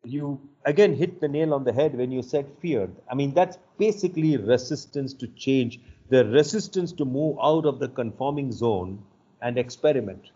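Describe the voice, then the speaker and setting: Thoughtful older man, warm muffled voice. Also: mid-range voice, animated, slightly rough. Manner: measured, thoughtful, storytelling. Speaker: executive coach, interview guest. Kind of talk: reflective interview storytelling. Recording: muffled lo-fi audio.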